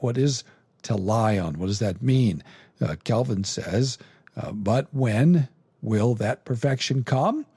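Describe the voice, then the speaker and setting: Male podcast host teaching scripture, mellow and raspy, dry close sound, measured delivery with frequent restarts. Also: mid-range voice, dry recording. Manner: measured, halting, lots of fillers and restarts.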